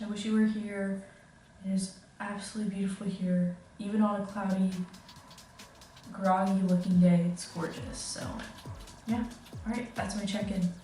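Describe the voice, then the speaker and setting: A woman's voice: medium pitch, dark tone. A young woman chats casually to her camera, telling a story with plenty of giggles and filler words. Her voice bounces around a very echoey room and sits some distance from the mic. Faint music plays underneath. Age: young adult. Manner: chatty storytelling, many "like"s and giggles. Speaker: study-abroad student vlogger. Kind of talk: casual vlog chat. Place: kitchen indoors.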